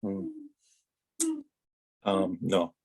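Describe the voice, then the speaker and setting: With a low voice and drawn-out words, a middle-aged Wisconsin man who used to race rambles through racing stories on a podcast as a guest. He keeps the anecdotes animated, acting out the exchanges he quotes.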